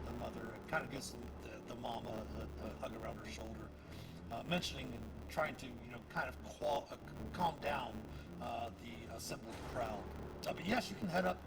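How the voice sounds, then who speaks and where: A man narrating a tabletop game as game master, full of fillers and pauses. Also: medium pitch, rough recording. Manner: halting narration with many fillers. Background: background music.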